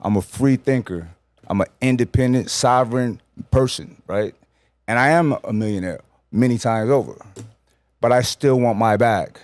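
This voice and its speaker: A man from New York speaks as a podcast guest, blunt and emphatic. He sets out his points slowly and deliberately and doesn't hold back on swearing. His mid-pitched voice is recorded dry and close. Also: a little mellow, no echo. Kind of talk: casual podcast chat.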